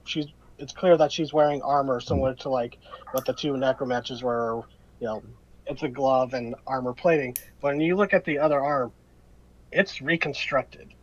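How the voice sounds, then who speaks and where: A man's voice: medium pitch, steady tone, normal speed, dull audio. A man running a tabletop game as game master, narrating in a rambling, hesitant way full of fillers.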